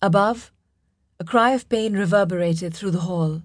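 A woman narrating a fantasy audiobook in a measured, dramatic storytelling manner. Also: fairly low pitch, no echo, studio quality.

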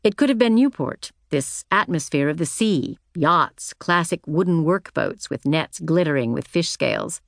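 Low-voiced woman narrating an audiobook. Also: lively intonation, vocal fry, no room sound, clean studio sound. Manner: measured, reflective reading. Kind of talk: scripted first-person narration.

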